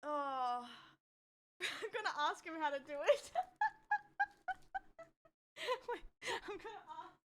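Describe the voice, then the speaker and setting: A woman's voice: sits high, expressive, takes it slowly, long pauses. A woman streamer chatting casually with her live audience, full of "like" and "um" fillers and prone to startled shrieks. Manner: jumpy, letting out startled shrieks.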